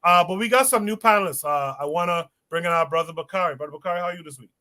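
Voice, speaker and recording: A man's voice: high-pitched, racing, pushed and bright. A man hosting a podcast livestream in casual chat, laid-back and calling people brother. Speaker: podcast host.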